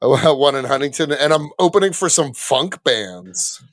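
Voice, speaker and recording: A young man, a comedian, chatting loudly and boisterously on a podcast. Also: mid-range voice, very animated, normal speed, no echo. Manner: loud, boisterous. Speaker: comedian guest. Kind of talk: casual chat.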